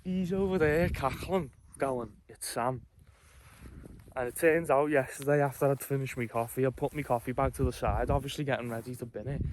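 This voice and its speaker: Outdoors at a mountain campsite in the morning, a man vlogging his camping trip talks casually to camera, a bit rambling and self-deprecating. His voice is mid-range, and background noise can be heard.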